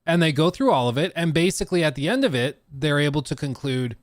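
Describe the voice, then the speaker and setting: A young adult man co-hosting a casual podcast, animated and acting out quotes with big pitch swings. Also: fast, few pauses, no room sound, studio quality. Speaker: podcast co-host.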